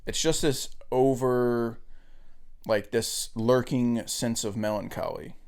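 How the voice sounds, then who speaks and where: A man's voice: mid-range voice, slow, vocal fry, a little mellow. A man co-hosting a podcast, chatting casually and enthusiastically about a movie, with frequent fillers. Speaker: podcast co-host. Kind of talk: casual film chat.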